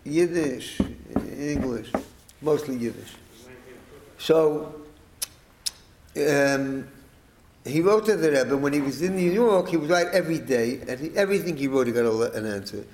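A middle-aged man telling a family story to listeners, rambling and animated, acting out the quoted speech. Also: fairly high pitch, unhurried, pauses often, echoey room, low-quality recording.

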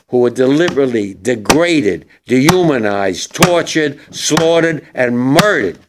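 An older war veteran giving an emotional, halting memorial speech to young people in a hall. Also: male voice, mid-range voice, creaky, slight background noise.

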